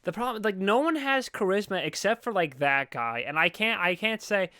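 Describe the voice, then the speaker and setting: A man riffs sarcastically about a bad movie on a podcast, rambling and swearing as he goes. His voice is smooth and clear, sitting a little high. The sound is close and dry. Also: animated, moderate pace, pushed and bright, no echo. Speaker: podcast co-host. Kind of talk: casual movie review chat.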